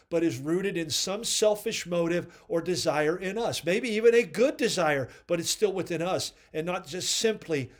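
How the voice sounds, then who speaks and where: A man hosting a devotional podcast, earnestly preaching and commenting on quoted readings. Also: sits high. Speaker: podcast host.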